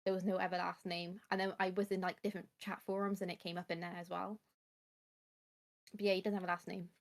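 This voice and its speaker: A woman's voice: fairly low pitch, little pitch movement, fast talker. Chatty young woman streamer. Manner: chatty, rambling, explains at length. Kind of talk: casual chat about books.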